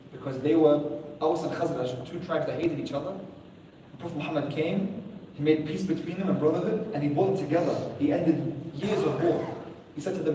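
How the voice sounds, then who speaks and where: A man's voice: fairly quick, far from the mic, background noise. Man telling a sermon story in an echoey hall. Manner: expressive storyteller, rises in pitch for emphasis. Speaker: Islamic lecturer.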